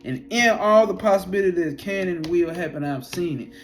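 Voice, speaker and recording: A man voicing an alarmed, all-seeing cosmic male watcher who shouts in frantic disbelief. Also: on the high side, animated, a little slow, soft background music. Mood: shocked.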